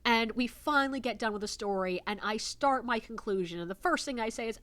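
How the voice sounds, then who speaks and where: A woman who works as a ghost tour guide, telling a story casually with animated exasperation and swearing. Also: a little high, a little fast, no room sound.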